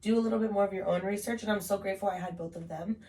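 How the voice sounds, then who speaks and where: A woman's voice: medium pitch, fairly even intonation, rapid-fire, mellow, slight background noise. Chatty young woman, slightly distant mic. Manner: chatty, heavy use of "like", swears casually. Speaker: podcast host telling her story. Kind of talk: casual podcast chat.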